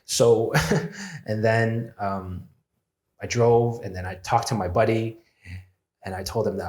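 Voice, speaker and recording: A man's voice: fairly low pitch, fairly even intonation, measured pace, pauses often, darkish tone. A man, a podcast guest, telling a candid personal story in a reflective way, swearing freely and acting out his own inner voices. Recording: roomy echo.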